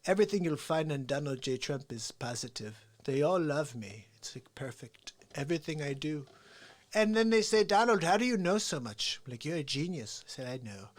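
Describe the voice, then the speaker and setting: A bragging president impression by a man, full of self-praise. The pitch swings up and down with a lot of movement. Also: very animated, moderate pace. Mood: boastful. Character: boastful male president impression.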